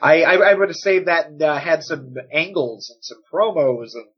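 A man co-hosting a casual wrestling chat, enthusiastic and excitable, often repeating his words. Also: a little high, moderate pace, slightly rough. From United States. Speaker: wrestling podcast co-host. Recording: dull lo-fi sound.

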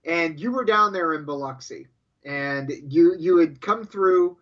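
A man's voice: on the high side, expressive, unhurried, dull audio. A man co-hosting a podcast in casual banter, stammering and repeating words as he spins jokey tall tales. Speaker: podcast co-host. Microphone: headphones and studio mic.

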